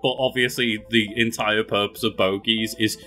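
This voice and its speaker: Man, bright tone, dry asides, faint music behind. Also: lowish voice, fairly even intonation, normal speed. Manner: laughs easily, explains with dry asides. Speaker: podcast co-host. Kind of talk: casual chat.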